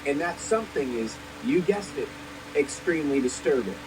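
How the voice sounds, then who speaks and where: A woman delivers scripted video commentary with a lot of movement in her pitch. She talks expressively and casually, dropping the odd swear word. The recording has a clear hiss of noise running underneath. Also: lively intonation, moderate pace. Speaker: cartoon commentary narrator.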